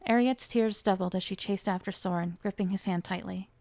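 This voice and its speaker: A woman's voice: mid-range voice, brisk, a little mellow, no room sound. A woman reading aloud a chapter of her own fantasy novel, lifting her voice for the characters' dialogue. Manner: reads the characters' lines with rising emotion. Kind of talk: dramatic fiction reading.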